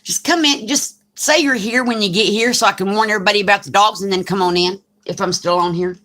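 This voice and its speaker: A woman's voice: mid-range voice, fast, a bit bright. A woman in her forties with a Southern US accent, chatting casually on a crafting live stream and reading comments aloud. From Alabama, US. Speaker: crafting channel host.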